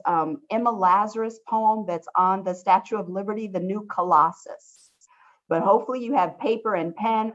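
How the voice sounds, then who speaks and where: A woman instructor leading an online study workshop, upbeat and encouraging, often saying how much she loves her students' questions. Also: medium pitch. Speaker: college instructor. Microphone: video call. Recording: dull lo-fi video call audio.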